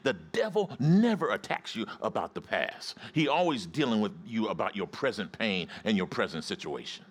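Emphatic male preacher with a lively voice. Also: lowish voice, moderate pace, few pauses, slightly rough. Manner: emphatic, call-and-response with the congregation. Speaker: pastor. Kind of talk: sermon.

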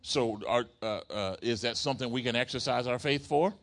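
A man preaching a sermon, telling a story in an animated way and asking his congregation questions. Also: mid-range voice, fairly quick. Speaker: pastor.

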